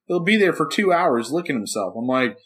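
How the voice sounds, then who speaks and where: A man co-hosting a casual podcast, an animated storyteller who acts out what he says to his dog. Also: on the high side, fairly quick. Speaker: podcast co-host. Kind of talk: casual chat.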